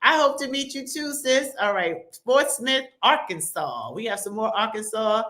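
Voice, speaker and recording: Bright upbeat woman hosting a livestream. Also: fairly high pitch, expressive. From American South. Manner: upbeat, chatty, reads viewer comments aloud with quick asides. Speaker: livestream host. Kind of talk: lively livestream shout-outs.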